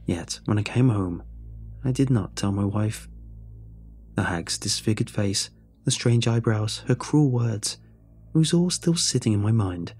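Male narrator, husky and low, brooding scripted storytelling over soft music. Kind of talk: scripted first-person narration. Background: faint music.

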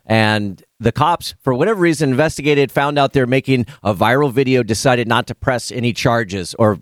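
Male radio co-host, mid pitch, relaxed delivery, dry close mic. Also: normal speed, dry recording. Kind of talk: morning radio banter.

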